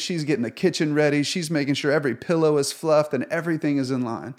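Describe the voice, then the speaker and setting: A male pastor from the United States preaching a sermon in an earnest, conversational way, retelling a story with animation. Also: a little high.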